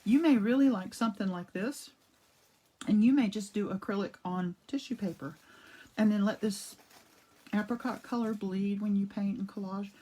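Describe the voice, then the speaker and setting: Working in her home art studio, this art demo host livestreams a casual craft session with a cough drop in her mouth, calling out viewers by name mid-demo. She speaks at normal speed in a warm, medium-pitched voice over a rough recording. Her chatter wanders, full of asides and frequent restarts.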